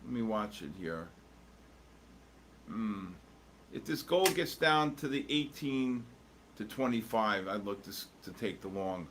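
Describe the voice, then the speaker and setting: A man's voice: fairly low pitch, animated, a little slow, pauses often, fairly bright tone, slight background noise. A man hosting a live trading stream, chatting casually and joking with viewers while calling out market moves. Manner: rambling, jokey, answers chat while watching charts. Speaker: livestream host.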